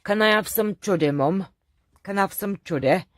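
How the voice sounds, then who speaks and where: A woman's voice: mid-range voice, normal speed, dry recording, clean studio sound, pitched above the performer's own voice, lightly acted. A woman voicing her young schoolgirl daughter, with a broad Yorkshire accent and clipped dialect words. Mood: insistent.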